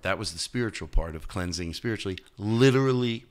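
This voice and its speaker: A male comedian talking as a podcast guest, telling stories in an animated way and jumping into high, loud voices when he quotes people. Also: normal speed, few pauses. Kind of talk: casual interview chat.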